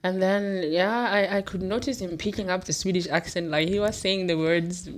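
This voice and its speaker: A woman's voice: fairly low pitch, fairly even intonation, moderate pace, a little hiss or hum. A woman in her thirties from Africa, whose first language is Ndebele, chatting casually, laughing often and repeating words as she starts. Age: 30s. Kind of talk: casual chat.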